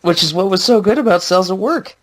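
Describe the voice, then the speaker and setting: A man's voice: high voice, animated, brisk. A young man joining a podcast as a guest in casual chat, mostly chiming in with short agreements and laughs.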